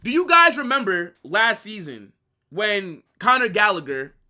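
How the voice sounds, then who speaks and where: A man's voice: sits high, sing-song, measured pace, sharp tone. A young man hosting a football channel, ranting with brash slang in a fan commentary style.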